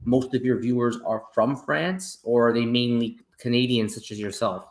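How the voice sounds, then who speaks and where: An upbeat man hosts a casual talk show and plugs his community between questions to his guest. He speaks at an everyday middle pitch in an easy, chatty way. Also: steady tone, moderate pace. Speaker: channel host. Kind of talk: casual interview chat.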